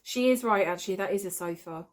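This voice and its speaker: A woman's voice: mid-range voice, fast talker. A woman hosting a reaction video, mocking a film with sarcastic, exasperated commentary and frequent swearing.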